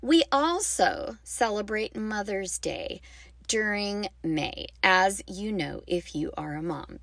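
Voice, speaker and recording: A woman hosts a podcast for music teachers, chatty and enthusiastic, sometimes wandering into side notes. Her voice sits at a middle pitch and is recorded dry and close, with no room sound. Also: no echo. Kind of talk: casual podcast talk.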